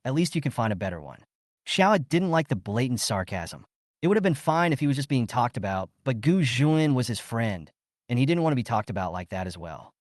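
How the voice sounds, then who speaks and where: A man narrating a comic story recap with steady storytelling. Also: medium pitch, fairly quick, no room sound, clean studio sound.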